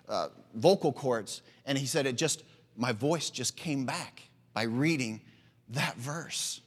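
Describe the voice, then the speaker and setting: A man's voice: mid-range voice, husky, in a large hall. A man preaching a sermon, fervent and emphatic, calling out for amens.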